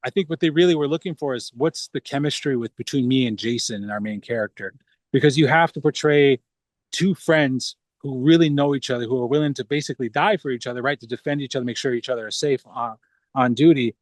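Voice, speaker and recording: A man's voice: medium pitch, fast, no room sound. A man, an actor as interview guest, talking casually and rambling with many restarts.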